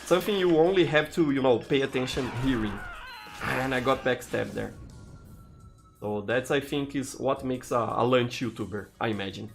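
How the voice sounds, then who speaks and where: A man's voice: mid-range voice, moderate pace, gravelly, soft background music. A man from Brazil with a Brazilian Portuguese accent, chatting with viewers while he plays a game live, with many "you know"s and restarts. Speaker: game streamer. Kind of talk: live gameplay commentary.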